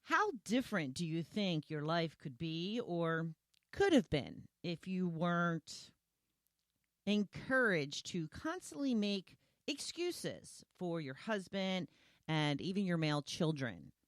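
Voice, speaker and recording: A woman's voice: lowish voice, big pitch swings, slow, no echo, studio quality. A woman hosting a solo podcast, talking conversationally and retelling scenes with quoted lines. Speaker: podcast host.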